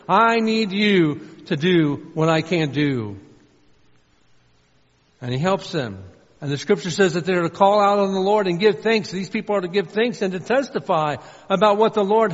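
A man preaches in earnest, his voice pitched a bit high as he swings from loud stressed lines down to soft, low asides. The sound is somewhat muffled and dull. Long reverb trails each phrase, as in a large church hall. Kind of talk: sermon.

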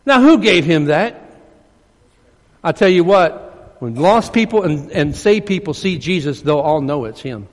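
A man preaching a sermon as pastor, swinging between emphatic preaching and hushed asides. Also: fairly high pitch, animated, measured pace. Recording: long reverb of a large hall.

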